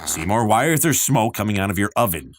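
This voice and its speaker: A man voicing a stern, suspicious older school superintendent with a gruff, deadpan way of questioning, in a cartoon game playthrough. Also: on the low side, fairly quick, slight background noise.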